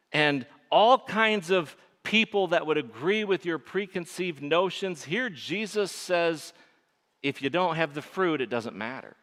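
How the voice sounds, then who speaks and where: A middle-aged pastor with a nasal Michigan accent preaches with bright, forceful energy. He swings from punchy emphasis down to hushed, quiet lines. His voice rings out in a long, echoing church sanctuary. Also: a little high. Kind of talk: sermon.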